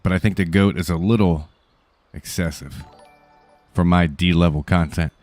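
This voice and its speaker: A man's voice: deep voice, steady tone, normal speed, a little mellow, no room sound, soft background music. A man casually greeting viewers by name and answering chat during a live stream, joking in a laid-back way.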